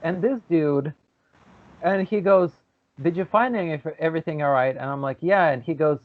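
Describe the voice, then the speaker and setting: A man co-hosting a podcast, telling a story in a lively, casual way and acting out the people in it. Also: fairly high pitch, normal speed, no echo. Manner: animated storyteller, acts out quoted voices. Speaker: podcast co-host. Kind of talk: casual chat. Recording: tinny phone-like audio.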